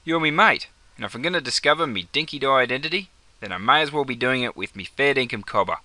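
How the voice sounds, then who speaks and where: A man's voice: medium pitch, lively intonation, fast, pushed and bright, dry recording. A young man with an Australian accent playing an easygoing mate who talks in slang in a comedy sketch. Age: young adult. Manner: broad slang-laden banter. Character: young Aussie bloke Jono, easygoing mate.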